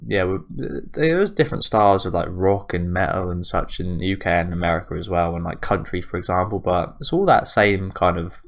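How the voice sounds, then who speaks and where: A man's voice: sits low, vocal fry. A young man hosting an anime reaction video, rambling casually with lots of fillers and restarts. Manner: rambling, filler-heavy, self-correcting. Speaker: anime reaction channel host.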